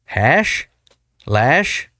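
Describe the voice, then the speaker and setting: A man's voice: medium pitch, sing-song, drawn-out words, bright, forceful tone, slight background noise. An American man hosting a casual reaction video, chatty and poking fun at himself as he tries out unfamiliar slang. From United States. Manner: chatty, self-deprecating, trying out slang.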